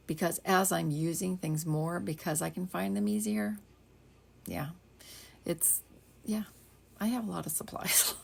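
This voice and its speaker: An older woman chatting casually while she demonstrates card making at her craft desk, rambling along and dropping into soft half-whispered asides. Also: fairly low pitch, gravelly, slightly rough. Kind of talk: casual crafting tutorial chat.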